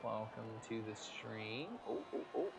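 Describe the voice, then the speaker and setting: An American man commenting on an online racing league, excitable and quick to hype close results. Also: on the low side, gravelly, background noise. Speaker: race commentator. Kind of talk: esports race commentary.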